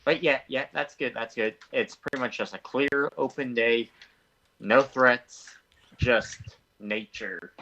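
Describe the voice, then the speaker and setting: A man's voice: medium pitch, fairly even intonation, slow pace, pushed and bright. A man running a tabletop game as game master, narrating in a casual, laid-back way.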